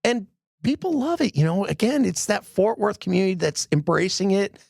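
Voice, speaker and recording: A man's voice: high voice, sing-song, a little fast, gravelly, darkish tone, no room sound, clean studio sound. A middle-aged man from the Philadelphia area, an arena president telling stories in a casual interview, full of "you know" fillers and acted-out quotes. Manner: chatty, many "you know" fillers, acts out quoted dialogue. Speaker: arena president and general manager.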